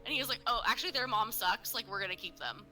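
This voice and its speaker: A woman's voice: fairly high pitch, animated, quick pace, sharp tone, soft background music, low-quality recording. A woman co-hosting a casual podcast, telling a story full of fillers and swearing and acting out what people said. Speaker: podcast co-host. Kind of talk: casual true-crime podcast chat.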